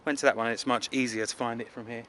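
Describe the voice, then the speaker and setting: A chatty man from England talks into his camera outdoors in a city, rambling and poking fun at himself with plenty of fillers. His voice is bright and a little tense. A faint hum of urban noise sits behind him. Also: mid-range voice, fairly even intonation, racing. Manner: chatty, rambling, self-deprecating with filler words. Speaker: travel vlogger. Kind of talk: casual rambling travel vlog.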